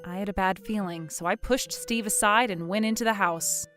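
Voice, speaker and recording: A woman's voice: mid-range voice, normal speed, fairly bright tone, soft background music. A woman narrating her own story and voicing her outraged character in a dramatized telling. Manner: indignant, outraged outbursts.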